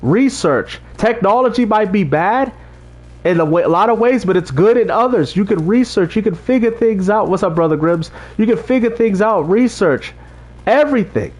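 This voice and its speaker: A man with a fairly high voice chats with his livestream viewers about faith. He talks like a street preacher, direct and repetitive, checking that chat is following him. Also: animated, normal speed, darkish tone. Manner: talks straight to chat, repeats himself, preachy street-evangelist talk. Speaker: livestream host reading chat.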